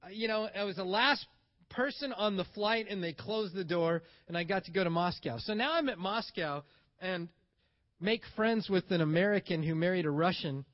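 A man telling a travel story in a casual, animated way, acting out the lines of the people he meets. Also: high-pitched, moderate pace, muffled recording. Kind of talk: casual spoken anecdote.

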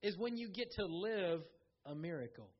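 A pastor delivers a sermon in a relaxed, conversational way, dropping into little acted-out quotes as he goes. His voice sits very high for a man. The recording sounds dull and lo-fi. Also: moderate pace, slightly rough.

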